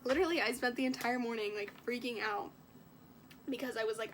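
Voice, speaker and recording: A woman's voice: a little high, steady tone, fairly quick, noisy background. Chatty young woman vlogging while sick. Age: young adult. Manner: chatty, filler-heavy, emotional retelling. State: sick, coughing. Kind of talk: casual vlog chat.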